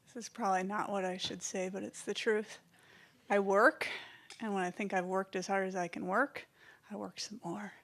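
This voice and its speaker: A woman's voice: medium pitch, level tone, normal speed, fairly bright tone. A woman panelist candidly describing her love of work and science. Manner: candid, enthusiastic about science. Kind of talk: panel discussion.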